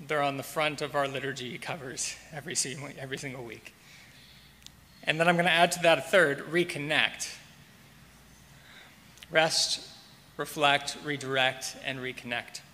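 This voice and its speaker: Male pastor, measured sermon delivery with repeated words, bright tone, long church reverb. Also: medium pitch, slight background noise. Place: church sanctuary.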